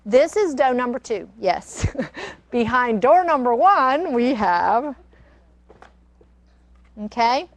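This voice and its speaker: A woman's voice: fairly high pitch, very animated, takes it slowly, long pauses, dry recording. An older woman, hosting a casual cooking demonstration and chatting in a rambling, storytelling way. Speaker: cooking show host. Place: kitchen studio.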